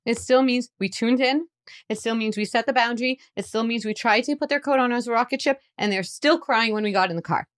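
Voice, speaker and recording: A woman, a psychologist guest on a podcast interview, explaining parenting in an animated way. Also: fairly low pitch, dry recording, clean studio sound. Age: adult parent. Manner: animated explainer who acts out playful lines.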